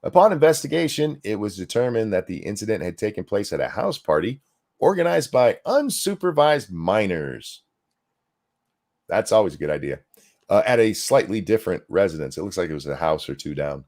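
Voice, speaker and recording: A man reads news stories aloud in a deadpan delivery, pausing for dry, sarcastic asides. His voice sits low, yet his pitch swings widely from phrase to phrase. The tone is casual podcast commentary. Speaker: podcast co-host reading news.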